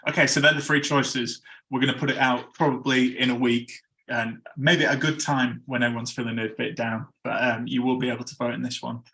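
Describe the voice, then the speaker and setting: A man's voice: medium pitch, little pitch movement, fairly quick, creaky, sharp tone. A man hosting a casual podcast chat, chatty and laughing at his own slip-ups. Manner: chatty, stumbles over ad reads and laughs at himself. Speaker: podcast host.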